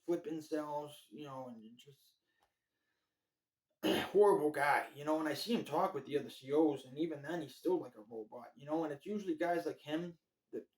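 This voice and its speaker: A man's voice: a little high, a little mellow, low-quality recording. A man giving a blunt, profane, rambling monologue ranking jail officers, full of filler phrases. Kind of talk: casual ranting monologue.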